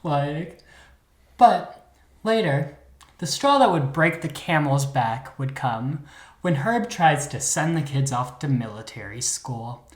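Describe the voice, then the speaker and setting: A woman's voice: low-pitched, lively intonation, slow pace, reverberant. A woman co-hosting a podcast, telling a true crime story in a chatty, sassy way with lots of fillers. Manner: chatty, filler-heavy, dramatic retelling with sass. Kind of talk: casual storytelling chat.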